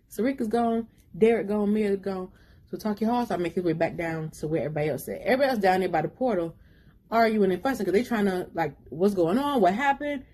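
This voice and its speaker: Brief: husky-voiced woman, relaxed book recap, rambling and slangy. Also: medium pitch. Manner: rambling retelling with slangy asides. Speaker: book reviewer.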